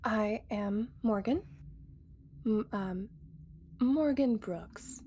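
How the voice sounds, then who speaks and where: A woman's voice: mid-range voice, very slow, mellow. A woman speaking in character during a tabletop game, polite and a bit hesitant. Her voice drops almost to a whisper at times as she explains the visit. Faint noise hums behind her. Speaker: player.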